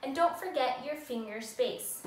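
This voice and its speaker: Patient and sing-song, a high-voiced woman at a measured pace guides young children through writing sentences. The lesson was captured in a classroom with echo, her voice distant from the microphone.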